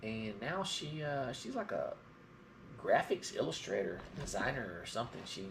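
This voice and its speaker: A man's voice: medium pitch, big pitch swings, normal speed, vocal fry, slight background noise. A middle-aged man from Georgia with a mild Southern drawl, telling rambling stories in a casual live-stream chat. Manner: rambling storyteller.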